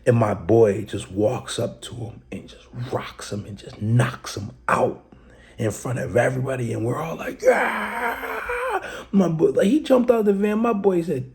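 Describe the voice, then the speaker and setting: A man's voice: medium pitch, expressive, moderate pace, darkish tone. A young man hosting a podcast, telling a fight story in casual slang and acting out quotes and sound effects. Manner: slangy, street talk. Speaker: podcast host.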